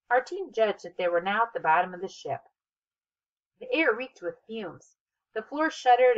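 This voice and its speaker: A woman reading a children's novel aloud as narrator, with expressive, steady storytelling. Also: medium pitch, highs cut off. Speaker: audiobook narrator. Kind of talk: scripted narration.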